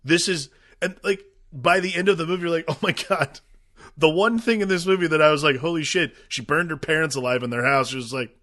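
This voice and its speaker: Bright-voiced, rambling male podcast co-host. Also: on the high side, brisk, no echo, studio quality. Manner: loose, filler-heavy musing with many "like"s. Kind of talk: casual movie podcast chat.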